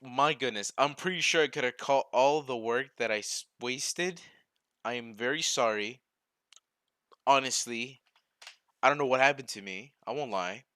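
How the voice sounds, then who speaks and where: A man's voice: mid-range voice, moderate pace, a bit bright, no room sound, studio quality. A young man hosting a casual live coding stream, talking to himself as he works, scattered and self-mocking, laughing at his own mistakes.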